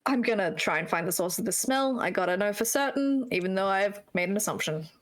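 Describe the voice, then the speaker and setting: A woman's voice: mid-range voice, expressive, a little fast. A woman playing a tabletop role-playing game in a playful, giggly manner. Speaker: player.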